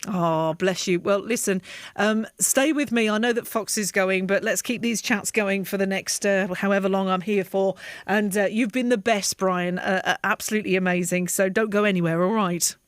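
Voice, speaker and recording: A woman's voice: medium pitch, fairly even intonation, normal speed, clear, resonant tone, dry recording, studio quality. A woman hosting a radio phone-in, chatty and affectionate with her callers. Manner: affectionate, chatty, calls people darling. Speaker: radio presenter. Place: radio studio.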